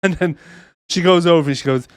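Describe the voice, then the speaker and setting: A man's voice: a little high, fairly quick, clear, resonant tone, dry recording. A young man co-hosting a movie podcast, swearing a lot and laughing often as he retells scenes and mocks the lines in put-on voices. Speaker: podcast co-host. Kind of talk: casual movie recap chat.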